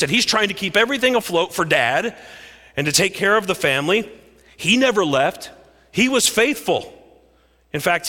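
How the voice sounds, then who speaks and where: Bright, animated male preacher in a hall. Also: high voice. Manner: expressive, dramatic storytelling with big swings in loudness. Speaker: pastor. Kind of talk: sermon. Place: church sanctuary. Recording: echoey hall reverb.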